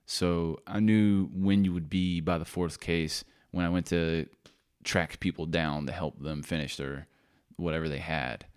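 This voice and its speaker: A man's voice: low voice, fairly even intonation, a little slow, clean tone. A man hosting his own podcast in a casual, rambling monologue, often interrupting himself with offhand asides. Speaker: podcast host.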